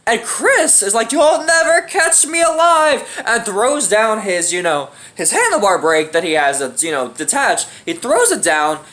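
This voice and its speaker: A man's voice: sits high, sing-song, normal speed, few pauses, bright, forceful tone. A young man telling a funny story in a casual, slangy, profane way, often laughing. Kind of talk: casual anecdote.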